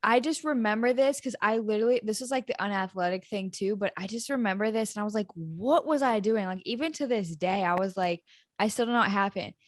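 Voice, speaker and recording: A young woman co-hosting a podcast, telling stories in a giggly, animated way. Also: mid-range voice, quick pace, no room sound, clean studio sound. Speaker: podcast co-host. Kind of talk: casual chat.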